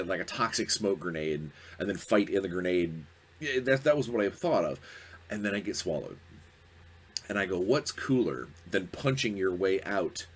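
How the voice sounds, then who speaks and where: Male podcast host, lowish voice, loose animated storytelling with acted-out quotes. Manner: animated, acts out quoted players with fillers and restarts. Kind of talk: casual storytelling monologue.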